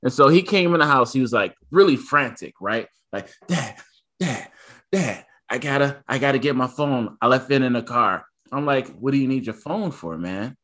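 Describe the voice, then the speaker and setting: A man's voice: medium pitch, animated, moderate pace, a bit bright. A man in his thirties, a podcast co-host, telling a family story in casual chat and acting out his son's lines.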